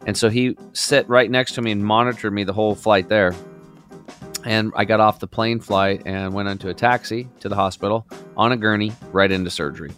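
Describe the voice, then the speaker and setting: Guest, male, 50s, low-leaning voice, chatty and outgoing storyteller, faint guitar behind. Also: brisk. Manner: lively, outgoing, many fillers. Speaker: podcast guest. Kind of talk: casual storytelling.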